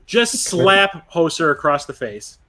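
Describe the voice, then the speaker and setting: A man narrating a tabletop game as game master, casual and quick to laugh, swearing freely as he describes the action. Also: a little high, animated, pushed and bright.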